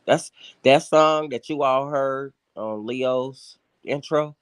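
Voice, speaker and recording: A man in a casual group chat, giving steady advice with frequent ums. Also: medium pitch, takes it slowly, clear, resonant tone, no room sound. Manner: advising, steady, filler-heavy.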